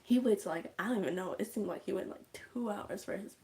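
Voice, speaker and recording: A woman's voice: medium pitch, a little mellow. A woman hosting a livestream, casually retelling a film and dropping into whispers for suspense. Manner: slow storytelling, drops to whispers. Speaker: livestream host. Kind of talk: casual movie recap.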